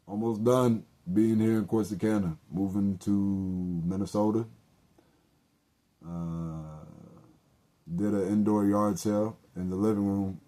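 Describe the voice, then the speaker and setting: A man's voice: sits low, mellow. A young man hosting a solo podcast, telling loose, profane stories with joking asides and self-corrections. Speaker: podcast host. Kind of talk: casual solo storytelling.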